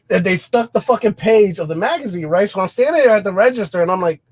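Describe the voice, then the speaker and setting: Young guy from New Jersey, high voice, casual profane storyteller, dry close sound. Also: a little fast, no room sound. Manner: profane, animated, laughs often. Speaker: podcast co-host.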